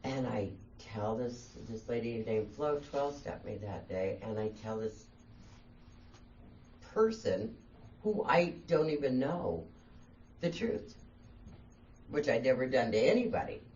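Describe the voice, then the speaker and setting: A woman with a bass voice tells her own story as a guest speaker in a meeting room, speaking slowly with long pauses in an animated, slightly mellow way. She is candid and self-mocking and laughs as she talks, and the recording sounds distant and dull with faint room hiss.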